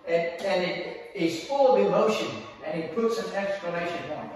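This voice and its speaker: A man's voice: sits high, normal speed. A man preaching a teaching sermon, emphatic, repeating phrases and putting questions to his listeners. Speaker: pastor. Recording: echoey hall, mic far off.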